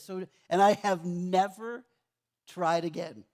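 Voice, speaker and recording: Man, middle-aged, pastor, conversational sermon in a church, somewhat high voice. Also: lively intonation, normal speed. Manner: conversational storytelling, acts out his own complaints.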